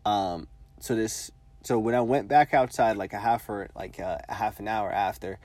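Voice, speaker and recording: A man's voice: lowish voice, normal speed, a little mellow, no room sound. A man in his twenties telling a long personal story in casual, profane, rambling speech full of filler words. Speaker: vlogger.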